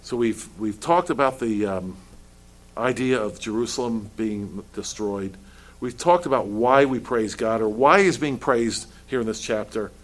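A man's voice: fairly low pitch, a little slow. A male pastor preaching a sermon, asking pointed rhetorical questions and stumbling over restarts as he builds his points.

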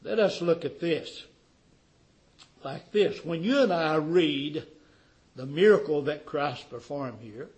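A man preaching a sermon with fervor, firing rhetorical questions at his congregation and swinging from loud declarations to quiet, dropped endings. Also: on the high side, takes it slowly, long pauses, low-quality recording. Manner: fervent, rhetorical questions, wide swings in loudness.

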